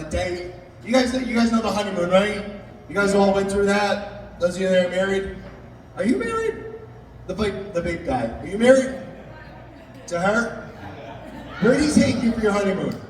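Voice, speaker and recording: A young man doing a stand-up comedy set in a live venue, animated, jumping into shouted high outbursts and teasing the crowd. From Italian-American family. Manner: crowd work, teasing audience members. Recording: echoey hall recorded from far off, audience noise.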